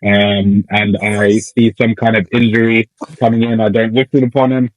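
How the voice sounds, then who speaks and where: A man co-hosting a podcast, in casual chat, ranting in an animated, jokey way and swearing now and then. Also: lowish voice, moderate pace, no echo, rough recording. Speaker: podcast co-host.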